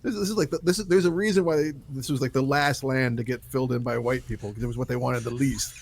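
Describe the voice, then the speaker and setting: A man co-hosting a movie podcast, talking through the film in a measured, analytical way. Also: mid-range voice, vocal fry. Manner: measured, analytical, history asides. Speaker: podcast co-host. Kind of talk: casual movie review chat.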